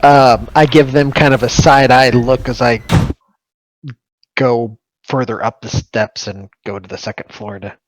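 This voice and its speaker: A man's voice: mid-range voice, fairly even intonation, a little slow, a little hiss or hum, rough recording. A man playing a character in a tabletop game, talking in a hesitant way with fillers. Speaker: player. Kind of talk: tabletop role-play chat.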